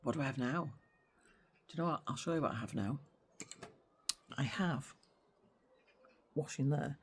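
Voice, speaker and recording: A woman's voice: rumbling low, moderate pace, husky. A middle-aged woman vlogging in a casual chat, talking in a chatty, sarcastic way and often going off on tangents.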